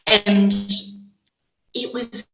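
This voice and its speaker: A woman with a New Zealand accent, a spiritual teacher speaking as a guest and telling stories in a gentle, earnest way. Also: medium pitch, little pitch movement, very slow, a little hiss or hum. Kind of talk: reflective interview conversation. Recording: dull echoey recording.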